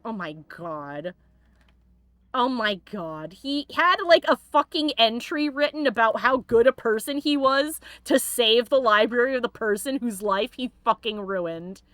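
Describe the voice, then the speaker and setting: Giggly, high-voiced woman gaming host. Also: a little slow, no room sound. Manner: giggly, animated, swears freely. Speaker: let's play host. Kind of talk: casual gaming commentary, reading in-game text aloud.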